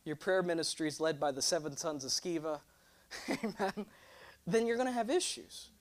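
A young man preaching a sermon, animated and joking, drawing responses from his congregation. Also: a little high, normal speed. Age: 20s. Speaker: pastor.

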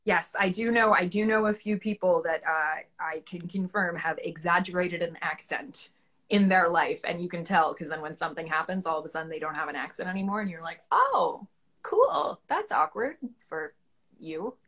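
A woman's voice: fairly low pitch, a little fast, a bit bright. A woman guest in a casual chat, chatty and self-mocking. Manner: chatty, self-mocking about her plants.

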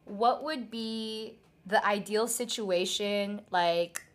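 A woman's voice: mid-range voice, takes it slowly. A young woman hosting a loose, casual chat. She talks bluntly and swears freely, and she laughs often between stories.

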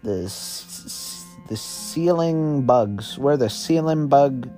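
A man's voice: mid-range voice, expressive, slow, warm tone, soft background music. A man voicing a charming young woman who recruits for a club, in a friendly, upbeat way and close to his own voice.

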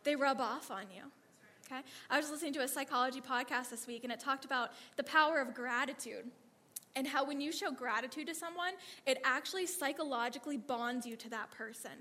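Woman, mid-high voice, lively testimony storyteller, echo of a big hall. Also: brisk. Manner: animated, acts out quotes, frequent "like" and "okay". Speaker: speaker sharing a faith testimony.

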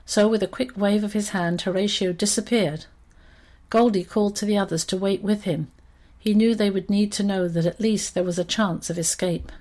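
A woman reading a children's story aloud in an expressive, steady storytelling manner. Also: medium pitch, normal speed.

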